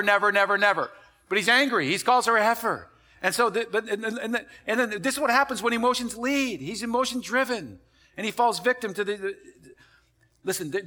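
A male pastor preaching a sermon in a church, telling the story with lively acted quotes and repeating words as he builds up. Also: a little high.

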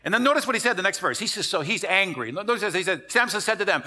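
A male pastor preaching a sermon in a church, telling the story with lively acted quotes and repeating words as he builds up. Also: sits high, quick pace, hardly any pauses.

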